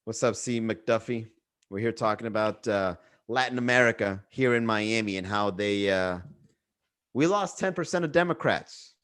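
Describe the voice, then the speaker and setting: A man's voice: on the low side, moderate pace, fairly bright tone, smooth. A young man hosting a comedy livestream podcast, talking loosely in a swearing, bro-talk storytelling way. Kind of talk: casual livestream chat. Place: Miami.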